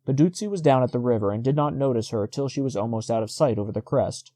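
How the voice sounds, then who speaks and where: A man narrating a short story as an audiobook reader, in a steady, measured reading. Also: medium pitch, no echo. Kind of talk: scripted narration.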